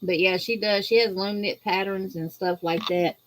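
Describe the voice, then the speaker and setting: A woman from Louisiana with a Southern accent, guest-hosting a crochet livestream and chatting casually with viewers, greeting them in a folksy, drawn-out way. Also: mid-range voice, steady tone. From Louisiana, USA. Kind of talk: casual livestream chat reading viewer comments.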